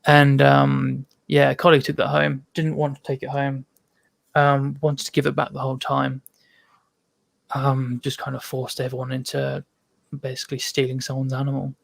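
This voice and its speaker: A man's voice: mid-range voice, completely flat delivery, normal speed, vocal fry, dry recording. A man, a podcast guest, telling casual stories full of ums and restarts. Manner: rambling storytelling with many ums. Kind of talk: casual chat.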